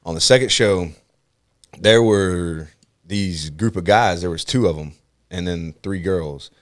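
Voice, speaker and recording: A man telling a stand-up story on a podcast, swearing freely and acting out what people said. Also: sits low. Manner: fast, profane, animated storytelling with acted-out quotes. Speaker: comedian guest.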